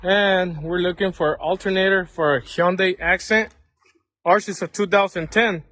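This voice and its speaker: Man mechanic, fairly high voice, informal how-to vlog walk-through, plain spoken. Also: steady tone, normal speed, fairly bright tone. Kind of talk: casual how-to repair vlog.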